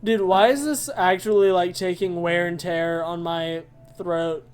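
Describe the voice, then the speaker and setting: Giggly streamer, casual chat, slow easygoing pace, faint guitar music behind. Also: medium pitch. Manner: giggly, animated storytelling.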